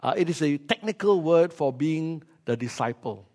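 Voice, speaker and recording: A man's voice: a little high, animated, moderate pace, a little mellow. A man preaching a sermon, joking with the congregation and acting out scenes with sound effects.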